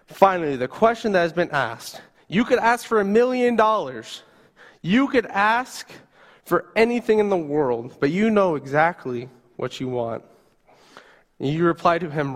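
A male youth pastor delivers a sermon as a vivid second-person story. His voice sits somewhat high for a man. A long reverb rings around him, as in a large hall. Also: lively intonation, unhurried.

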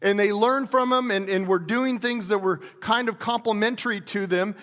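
A pastor preaching in a relaxed, conversational way, often restarting his sentences and acting out quotes. His voice sits high for a man. A long hall reverb trails behind every word. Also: moderate pace. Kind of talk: sermon.

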